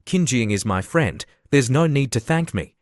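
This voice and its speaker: A calm young woman laying out her reasoning point by point, as a male narrator reads her lines. She stays even and persuasive. The reading is mid-pitched and the recording is dry. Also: moderate pace, no room sound, natural voice. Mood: persuading.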